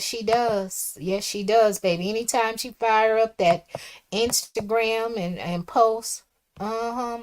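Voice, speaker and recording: A woman's voice: on the high side, a little hiss or hum. A woman hosting a livestream, reading viewer comments aloud and reacting in a casual, chatty way. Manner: chatty, reads comments aloud and reacts, swings from soft asides to loud exclamations. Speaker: livestream host reading chat. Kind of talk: casual live chat commentary.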